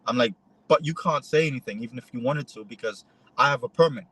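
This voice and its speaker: A man, a photojournalist, recounting an incident to an interviewer in a conversational, animated way, acting out both sides of quoted exchanges. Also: medium pitch, fast, husky, no room sound, rough recording. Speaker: interview guest. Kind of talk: conversational storytelling.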